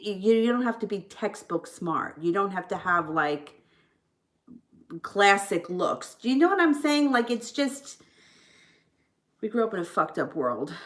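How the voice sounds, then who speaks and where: A woman's voice: fairly low pitch, fairly bright tone. A woman in her thirties giving a tarot reading in a casual livestream chat, rambling and frank, swearing freely. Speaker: tarot reader.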